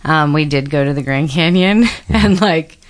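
A woman's voice: sits low, normal speed. A woman telling a road-trip story in casual chat, full of fillers and asides. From Florida. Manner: chatty storyteller, lots of fillers.

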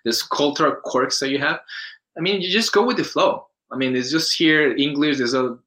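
A man from Colombia speaks English with a Colombian Spanish accent, his voice bright and forceful. He tells stories in a loose, animated way, often restarting his sentences and mimicking other people's voices. The setting is a relaxed, casual interview. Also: a little high, normal speed, rough recording. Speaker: interview guest.

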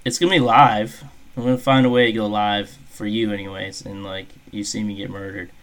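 A man's voice: fairly low pitch, flat delivery, fairly quick, fairly bright tone. A man co-hosting a podcast at a microphone, crude and jokey, often laughing at his own jokes. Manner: crass, jokey, breaks into laughter. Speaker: podcast co-host. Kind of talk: crude comedic banter. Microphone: desk microphone.

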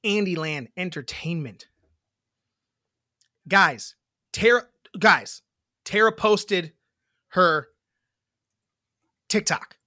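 A man's voice: sits high, animated, very slow, long pauses, pushed and bright, dry recording, clean studio sound. A man co-hosting a casual podcast, rambling and swearing casually as he chats. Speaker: podcast co-host. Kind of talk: casual chat.

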